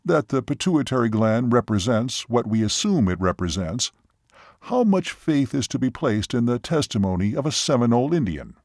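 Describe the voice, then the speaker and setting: A serious gentleman asks his questions in a measured, doubtful way, as a male narrator voices him. His pitch moves in lively swings, and the recording is dry and close. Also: dry recording. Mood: skeptical.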